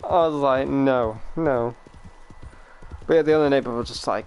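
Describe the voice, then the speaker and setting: A man's voice: mid-range voice, moderate pace, long pauses. A young British man with a British accent, chatting casually and rambling on a game stream, swearing now and then and laughing often. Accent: British English.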